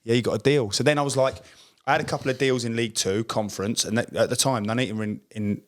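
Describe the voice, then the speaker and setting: Speaking fast in a mid-range voice, this Essex man, a former pro footballer, spins a story while co-hosting a casual podcast chat, putting on lively voices for the dialogue he quotes.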